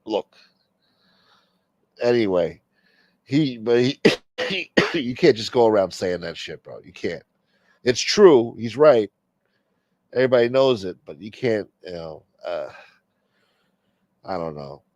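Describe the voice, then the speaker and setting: A man's voice: lowish voice, sing-song, slow pace, pauses often, a little mellow, no echo. A man hosting a casual live-stream chat, rambling, profane and opinionated. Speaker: livestream host.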